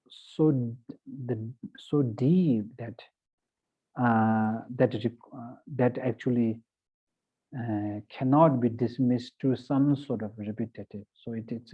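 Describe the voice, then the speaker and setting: Male dharma teacher, Tibetan accent, halting with restarts, slow deliberate recitation; phone-thin sound, mid-pitched voice. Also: husky. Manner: halting, with many fillers and restarts. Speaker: Buddhist teacher. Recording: tinny phone-like audio.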